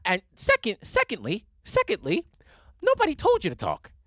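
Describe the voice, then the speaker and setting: A man going on a profane, animated rant during a podcast. His pitch swings widely and sits a bit above average. The sound is dry and close, from a studio microphone. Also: normal speed, dry recording.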